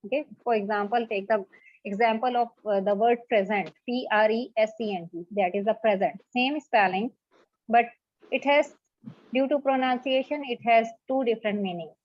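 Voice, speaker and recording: Woman teacher, higher pitch, repetitive classroom delivery, dull, dry lo-fi sound. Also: normal speed. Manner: repetitive, checks in with "okay". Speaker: English teacher. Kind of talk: online class lecture.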